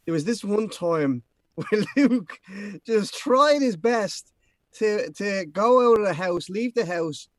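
A man's voice: sits high, animated, takes it slowly, no echo. A man, a guest on a podcast, telling joking stories in a slightly congested voice. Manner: joking storyteller, a little congested. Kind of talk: casual chat.

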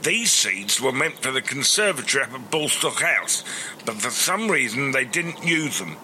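An actor playing a shifty swindler in a radio sitcom, with smooth, wheedling sales patter. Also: male voice, mid-range voice, big pitch swings, normal speed, sharp tone, a little hiss or hum. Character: shifty London wide-boy swindler.

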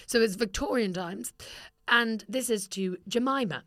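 A young Irish woman co-hosting a podcast, chatty and blunt with the odd swear word. Her voice sits a little high, and the sound is dry and close to the mic. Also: unhurried, fairly bright tone, no room sound. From Ireland. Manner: chatty, swears, laughs often. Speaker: podcast co-host. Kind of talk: casual chat.

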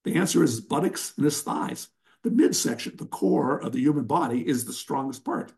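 A man's voice: medium pitch, expressive, normal speed, vocal fry, darkish tone. Older guy coaching, blunt and sarcastic, kinda punchy. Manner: blunt, emphatic, sarcastic storyteller. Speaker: wrestling coach guest. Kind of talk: instructional interview talk.

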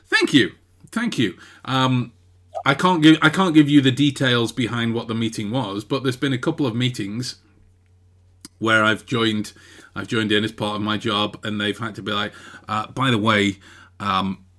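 Bright-voiced chatty English man. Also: medium pitch, steady tone, normal speed. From England. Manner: chatty, laughs often, self-interrupting restarts. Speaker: podcast co-host. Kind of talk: casual chat.

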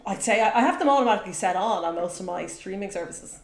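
Lively woman chatting in a roomy space. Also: medium pitch, fast talker. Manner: lively, laughing, playful teasing. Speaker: podcast co-host. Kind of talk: casual chat. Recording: roomy echo.

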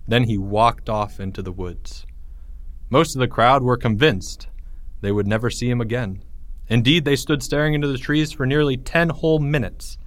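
Male storyteller, mid-pitched, steady delivery, dry close recording. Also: moderate pace, no echo. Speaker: narrator. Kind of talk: storybook narration.

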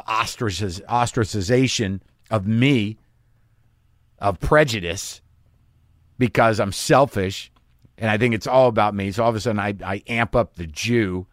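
A man's voice: on the low side, no room sound, studio quality. Wry rambling male podcast host. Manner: self-deprecating, wry, trailing restarts. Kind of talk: casual rambling storytelling. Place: home garage studio.

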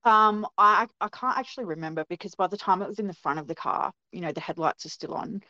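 A woman's voice: medium pitch, quick pace, pushed and bright, no echo, muffled recording. A woman, recounting what she saw in a casual interview, earnest and hesitant with many ums. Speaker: guest recounting a sighting.

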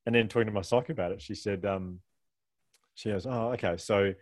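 A man's voice: on the low side, fairly even intonation, fairly quick, dry recording. A middle-aged man telling personal stories as an author guest, rambling, self-deprecating and laughing often. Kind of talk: candid conversational storytelling.

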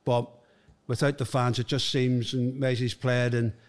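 A man's voice: mid-range voice, flat delivery, measured pace. Older Northern Irish man, plain-spoken guest. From Belfast, Northern Ireland. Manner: plain-spoken, repeats himself while finding words. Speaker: guest, former footballer. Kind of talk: casual podcast interview.

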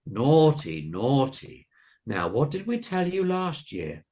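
A man voicing a croaking, monstrous old female ghoul who sweetly calls people dear, in a comedy horror story reading. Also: medium pitch, huge pitch swings, slow pace, a little mellow, pitched above the performer's own voice. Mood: sinister.

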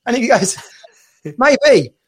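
High, gravelly-voiced man laughing through stories. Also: normal speed. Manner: laughs often, swears, puts on voices when telling stories. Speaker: podcast co-host. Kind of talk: casual chat.

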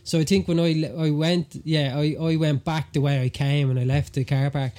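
An Irish man telling stories in a relaxed chat, his voice on the higher side for a man yet mellow and warm. He acts out the people in his stories as he goes. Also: moderate pace. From Ireland. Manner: animated storyteller, acts out quotes. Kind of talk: casual chat.

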